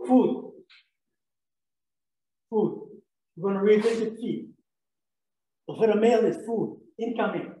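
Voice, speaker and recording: A man's voice: sits high, normal speed, long pauses, dark tone. A man lectures in a loose, joking way, firing questions at the room and wandering off into stories. His voice sounds far from the mic and bounces around a very echoey room. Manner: playful, rambling, quizzes the audience. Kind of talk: lively classroom lecture with jokes.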